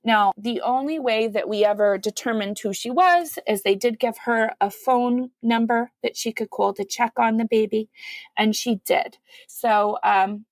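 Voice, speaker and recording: A woman who is a guest on a podcast, telling her story in a conversational way and acting out the quoted voices with big jumps in pitch. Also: unhurried, dry recording. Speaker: podcast guest, mother of five.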